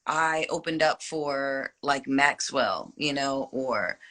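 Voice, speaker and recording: A woman's voice: extremely low pitch, slow pace, fairly bright tone. A woman in her forties, a singer, chatting reflectively in an interview with many fillers. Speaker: singer guest. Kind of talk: casual interview chat.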